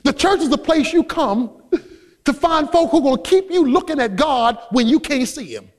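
A man preaching a sermon as a pastor, emphatic and rising to shouts on key points. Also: very high voice, animated, moderate pace, long reverb tail. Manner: acts out quoted voices in his own voice.

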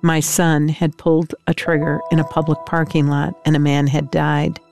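A woman's voice: low voice, level tone, normal speed, gravelly, over music. An older woman giving an emotional personal testimony as an interviewed mother, telling her story in an intense, tearful way.

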